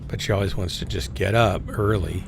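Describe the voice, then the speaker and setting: A middle-aged man streams a mech game and chats with his squad, rambling through stories between matches. His voice sits low, with a gravelly fry. Clear game noise runs under him. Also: brisk. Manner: chatty, rambling, talks to teammates. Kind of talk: casual gaming livestream chat.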